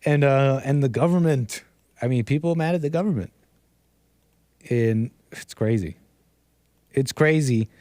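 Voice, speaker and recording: A man's voice: medium pitch, a little slow, long pauses, warm tone, no echo. A man hosting a livestream, ranting and joking in casual commentary, laughing often. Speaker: streamer host.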